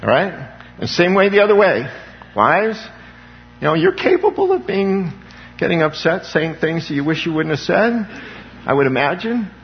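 A man's voice: high-pitched, sing-song, normal speed, highs cut off, a little hiss or hum. A man preaching an impassioned sermon as a pastor, calling on the congregation for amens.

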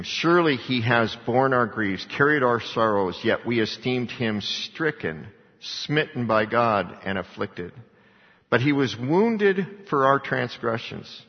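A man preaching a sermon, reading scripture aloud and asking the congregation rhetorical questions. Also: medium pitch. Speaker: pastor. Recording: dull lo-fi recording in a reverberant hall.

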